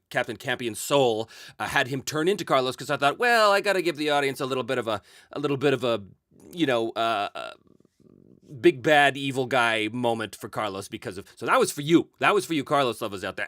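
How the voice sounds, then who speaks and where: A man's voice: mid-range voice, fairly bright tone, no room sound, clean studio sound. A man hosting a solo tabletop role-play show, chatting casually as he reads out and answers viewer comments, chuckling often and using many fillers. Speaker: solo RPG show host answering chat.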